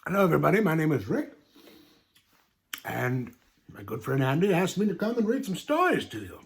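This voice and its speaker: A man's voice: on the high side, sing-song, a little fast, creaky. A man reading a children's story aloud in a comic, mock-earnest way, full of rambling asides.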